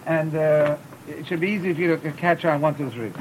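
A man, teaching a class on chanting scripture. He stumbles and repeats words as he explains, and breaks into short chanted examples. A faint rumble hums under the recording. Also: a little fast, rough recording. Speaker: teacher of Torah cantillation. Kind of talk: classroom lesson.

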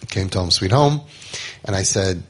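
Middle-aged man, husky low voice, lively storyteller. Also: moderate pace. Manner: conversational, animated, acts out quotes. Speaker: founder of a home for troubled youth. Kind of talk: storytelling talk to parents.

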